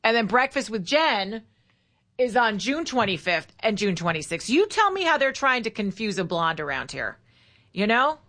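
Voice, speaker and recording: A woman's voice: medium pitch, very animated, normal speed, pushed and bright. A woman hosting a morning radio talk show in a studio, chatty and bubbly, laughing at herself.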